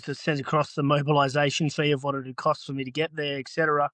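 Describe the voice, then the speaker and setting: A man's voice: on the high side, flat delivery, racing, hardly any pauses, fairly bright tone, dry recording. A man with an Australian accent, a podcast guest who runs an earthmoving business, telling stories casually and acting out both sides of past conversations. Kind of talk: casual storytelling.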